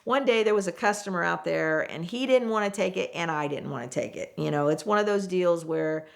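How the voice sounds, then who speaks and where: A woman, once a car saleswoman, telling a story in a casual, animated way and acting out what people said. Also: lowish voice, fairly quick, creaky.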